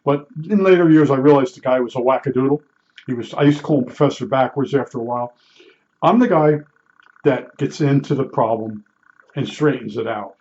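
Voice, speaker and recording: A man's voice: medium pitch, fairly quick, a little mellow, lo-fi sound. Older blunt-talking man from New Jersey. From Newark, New Jersey. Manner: blunt and salty, with frequent restarts and asides. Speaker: vlogger recalling his work as a meter calibrator. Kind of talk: rambling casual storytelling.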